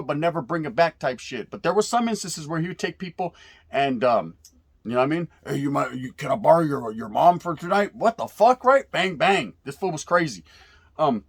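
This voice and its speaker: A high-voiced, laid-back man from California spins street stories from his days in youth prison. He talks casually in street slang with Spanish words mixed in, curses often, and keeps tagging lines with "right?"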